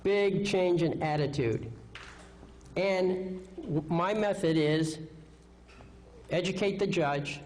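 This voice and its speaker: A man's voice: sits high, slow, long pauses, darkish tone, slight background noise, poor audio. A man giving a live seminar lecture, confident, asking rhetorical questions and checking in with "okay?". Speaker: seminar speaker.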